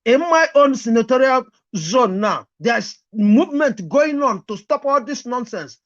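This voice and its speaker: A man's voice: very high voice, lively intonation, measured pace, fairly bright tone, lo-fi sound. A man from Anambra State, speaking as a panelist in an online debate, earnest and firm. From Anambra State, Nigeria.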